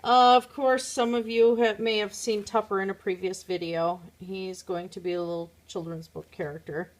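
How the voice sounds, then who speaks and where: A woman's voice: mid-range voice, steady tone, moderate pace. A woman chatting casually at home, showing her craft pieces to a phone camera, rambling with many fillers. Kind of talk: casual show-and-tell chat.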